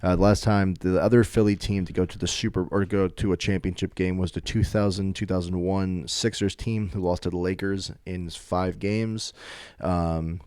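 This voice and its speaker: A young man with a low voice co-hosting a sports podcast. He is deadpan and skeptical, and he reels off old sports history. The recording is dry and close. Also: moderate pace, clean tone, dry recording. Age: young adult. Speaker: podcast co-host. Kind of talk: casual sports chat.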